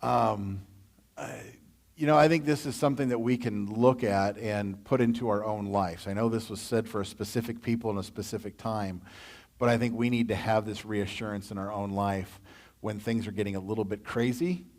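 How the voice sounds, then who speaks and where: A man with a Midwestern American accent leading a church Bible study, reading scripture and then adding animated, conversational asides. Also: fairly low pitch, moderate pace.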